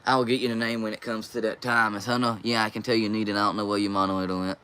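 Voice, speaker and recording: Bright-voiced young man. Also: fairly low pitch, flat delivery, fast, a little hiss or hum. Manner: reads viewer comments aloud and answers them. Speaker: live stream host. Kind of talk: casual live stream chat, reading comments.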